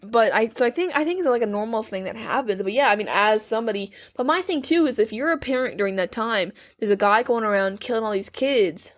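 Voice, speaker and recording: A woman's voice: a little high, lively intonation, fast talker, hardly any pauses. A woman co-hosting a podcast, chatting casually about a horror movie and asking questions about the plot. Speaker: podcast co-host.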